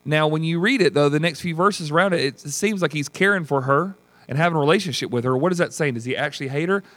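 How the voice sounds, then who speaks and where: A man, leading a Bible study as pastor in a folksy, animated teaching style and acting out voices. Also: on the high side, fast, no echo. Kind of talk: teaching sermon with group discussion.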